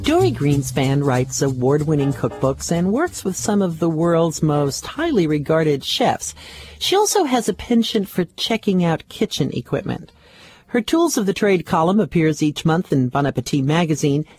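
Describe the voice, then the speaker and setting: A woman hosts a radio food show with a husky, breathy voice. Her pitch sits low and swings widely as she speaks. She jokes easily with her guests. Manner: lively, quick with jokes.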